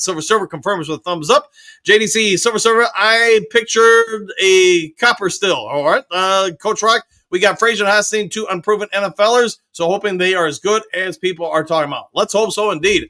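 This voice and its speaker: A man's voice: sits high, pushed and bright. A man hosting a live fan stream, reading viewer comments aloud and answering them in an upbeat, casual way with frequent fillers. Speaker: host of a live fan show reading chat.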